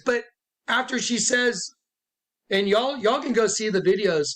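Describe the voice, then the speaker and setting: His voice is high, expressive and a bit bright, moving at a normal speed, as this self-described prophet tells followers an emotional story indoors. He delivers it emphatically, acting out each quoted voice.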